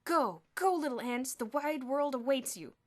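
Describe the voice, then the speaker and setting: A woman's voice: sits high, lively intonation, normal speed, pitched above the performer's own voice. A woman voicing a mischievous schoolboy who speaks with mock solemnity, intoning his lines.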